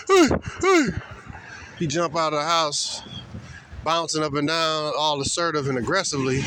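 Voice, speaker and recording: A man's voice: a little high, noisy background. A man giving a blunt, slangy, scornful ranting commentary. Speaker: commentary vlogger.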